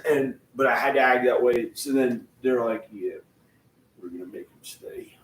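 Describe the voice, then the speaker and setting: A man's voice: medium pitch, a little slow. A man talking in a rambling, casual way, full of restarts and laughing to himself. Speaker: vlogger. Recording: echoey room, far from the mic, faint noise.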